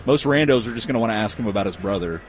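A man hosting a casual sports talk show, relaxed and conversational, reading out listener notes. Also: on the low side, racing, slight background noise. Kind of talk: casual sports radio chat. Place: loud outdoor spot.

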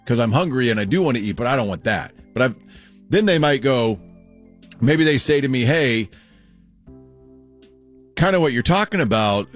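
Male co-host, rambling conversational delivery, wide pitch swings, faint music underneath. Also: expressive, fairly quick. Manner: rambling, restarts and quoted exchanges. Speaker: podcast co-host. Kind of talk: casual chat.

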